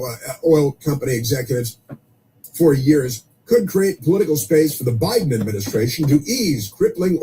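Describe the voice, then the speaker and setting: A man's voice: medium pitch, warm tone, slight background noise, low-quality recording. Sarcastic man hosting talk radio. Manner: sarcastic, scornful asides and mocking quoted voices. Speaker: radio talk show host. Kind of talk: political talk radio monologue.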